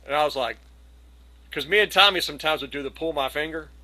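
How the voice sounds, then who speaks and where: A middle-aged man telling a long, animated anecdote on a video call, slipping into the voices of the people in it. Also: fairly high pitch, quick pace, poor audio. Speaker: community gathering participant. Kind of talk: casual storytelling.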